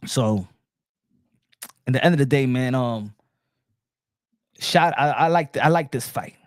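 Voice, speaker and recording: A man giving an opinionated casual boxing monologue, repeating phrases and getting louder as he gets worked up. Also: medium pitch, unhurried, no echo. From New York. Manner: animated, repeats phrases, rising to shouts when worked up. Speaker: boxing commentator.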